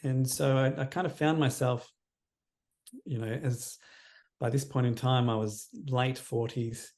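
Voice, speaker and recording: A man in his fifties speaks as a guest in an interview, his voice gravelly with a warm, mellow tone. He talks in an earnest, reflective way and lets his sentences drift down into quiet endings. The pitch sits at an ordinary middle height for a man. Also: fairly even intonation, measured pace. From Australia. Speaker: counsellor as podcast guest. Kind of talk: personal storytelling in interview.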